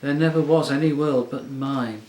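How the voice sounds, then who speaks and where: A man puts on a soft, musical sorceress queen, soothing and mocking at once. The voice sits well above a man's usual pitch and lingers over each phrase. The room rings a little. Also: steady tone, normal speed, roomy sound, natural voice, low-quality recording. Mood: coaxing. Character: silky, coaxing enchantress queen, woman. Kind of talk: audiobook character voice.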